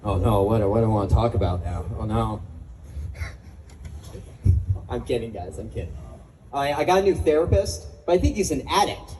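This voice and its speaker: A man's voice: medium pitch, animated, normal speed, long pauses, warm tone, a little hiss or hum, poor audio. A young man doing a stand-up comedy set at an open mic, self-mocking and swearing, laughing at his own jokes.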